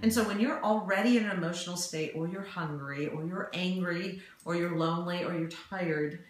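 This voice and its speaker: Woman, relationship advice co-host, lowish voice, explains with example phrases, heavy room echo. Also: moderate pace. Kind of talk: casual advice talk. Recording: very echoey room.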